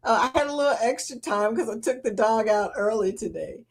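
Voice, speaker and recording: A woman's voice: fairly high pitch, lively intonation, brisk, creaky. A middle-aged woman, hosting a casual livestream chat, reading viewer comments aloud and laughing often.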